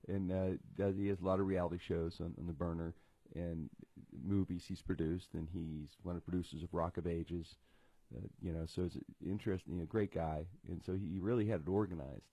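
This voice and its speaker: A middle-aged man with a low, husky voice rambles through a casual comedy chat, tripping over restarts and poking fun at himself. The sound is close and dry, with no room around it. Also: fairly even intonation, fairly quick, mellow, no room sound. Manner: rambling, self-deprecating jokes with frequent restarts. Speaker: radio comedy show host. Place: home studio.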